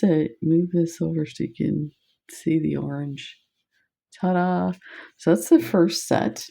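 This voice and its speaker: A woman hosting a beading video, gushing and excited as she shows off new beads, laughing often. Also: on the low side, measured pace, vocal fry. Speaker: beading channel host. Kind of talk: casual product showcase vlog.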